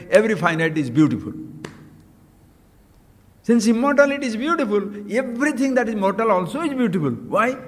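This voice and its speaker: A man giving a spiritual discourse as a teacher, emphatic and full of rhetorical questions. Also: high-pitched. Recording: long hall reverb.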